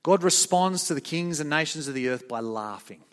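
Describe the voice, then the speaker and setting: A middle-aged man preaching a sermon, earnest and emphatic, slowing down on key points. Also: fairly high pitch, animated.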